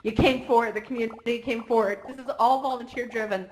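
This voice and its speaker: An excitable woman delivers the closing speech for a conference held in virtual reality. Her voice sits a little high, and she laughs often and gets emotional between thank-yous and numbers. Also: quick pace, slight background noise. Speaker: conference organizer.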